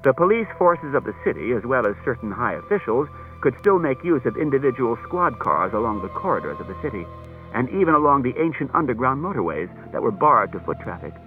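A man reading a novel aloud as audiobook narrator, measured and expressive, from an old cassette tape. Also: medium pitch. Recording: tinny lo-fi cassette tape with faint music.

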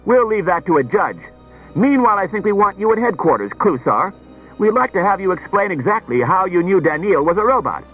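A man's voice: high voice, sing-song, slightly rough, faint music behind, pitched above the performer's own voice, exaggerated voice. Man doing a hard-nosed, needling police detective. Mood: commanding. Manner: brisk, needling, commanding. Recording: tinny old radio broadcast.

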